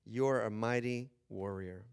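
A man voicing a calm, commanding male angel, speaking low and deliberately in a sermon. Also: creaky, clear, resonant tone. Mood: solemn.

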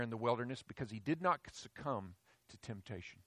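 A man preaching a sermon in an emphatic way, swinging from loud declarations to hushed, low phrases. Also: animated, fairly quick, no echo, studio quality.

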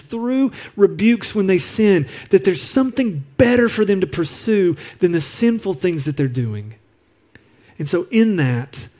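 Preaching on parenting, this pastor speaks in a high, slightly mellow voice. He tells a personal story earnestly and confidingly, and the microphone captured him apart from the congregation.

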